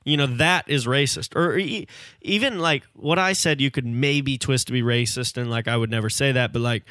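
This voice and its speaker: Brief: young man, mid pitch, dry close mic, emphatic casual storyteller. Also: normal speed, sharp tone, dry recording. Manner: emphatic, storytelling, calls listener bro. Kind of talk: casual chat.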